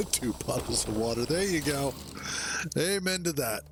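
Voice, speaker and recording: Slow easygoing male streamer. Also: mid-range voice, over music. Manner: relaxed, rambling, chuckles to himself. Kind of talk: casual gameplay commentary.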